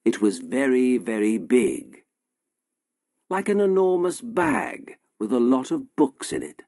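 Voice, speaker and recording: Male audiobook narrator, gravelly voice, very slow, lively pitch. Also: dry recording, clean studio sound. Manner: slow, simple, deliberate storytelling. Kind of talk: scripted audiobook narration for English learners.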